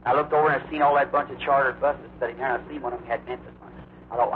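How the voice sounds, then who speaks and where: A man's voice: medium pitch, steady tone. Man preaching on a muffled old tape. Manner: drawn-out, emphatic storytelling with acted quotes. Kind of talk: sermon storytelling. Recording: muffled old recording, faint hiss.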